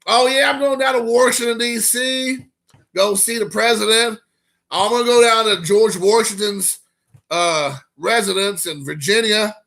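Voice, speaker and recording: A man's voice: sits high, unhurried, gravelly, pushed and bright, pitched above the performer's own voice, full character voice. A man voicing a folksy small-town local who drawls out place names with mock earnestness.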